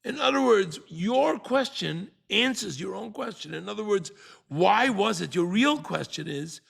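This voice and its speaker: An older man teaching a Torah class, animated and fond of rhetorical questions, who acts out the people he quotes. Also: high voice, unhurried, gravelly, slightly rough.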